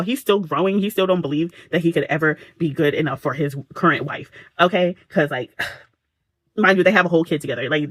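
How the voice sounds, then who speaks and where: This is a woman vlogging about a book she just read, retelling the plot in a casual, dramatic way full of slangy asides. Her voice leaps around in pitch as she reacts to the story. The sound is dry and close, recorded at home late at night. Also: slightly rough, no echo.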